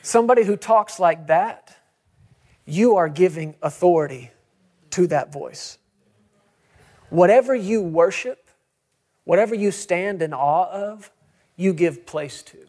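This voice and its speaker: A middle-aged pastor preaches in a notably high voice. He is emphatic, repeating key words and adding quick asides to the congregation. He speaks as he builds his message. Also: expressive, a little mellow. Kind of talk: sermon.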